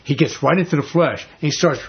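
A male pastor with a very husky, breathy voice delivers a sermon like a casual story, dropping into quick voices for the people in it. The recording sounds dull and lo-fi. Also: a little high. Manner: conversational storytelling, acts out voices, chuckles.

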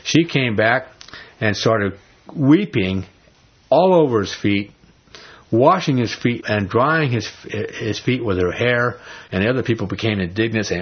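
A man's voice: mid-range voice, animated, moderate pace, husky, dull audio. A man preaching a sermon, blunt and emphatic, with casual slang mixed in. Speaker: pastor.

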